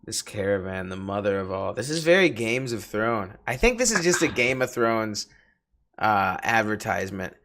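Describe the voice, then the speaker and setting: A man's voice: fairly low pitch, very animated, moderate pace, noisy background. A man co-hosting a casual podcast, joking around, laughing often and trailing off mid-thought. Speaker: podcast co-host. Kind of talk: casual chat.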